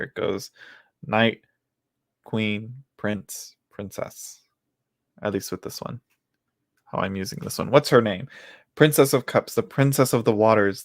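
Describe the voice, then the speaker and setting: A man with a fairly low voice hosts a live tarot reading from home, chatting casually with viewers. He laughs often and talks to himself while going through the cards. The recording is dry.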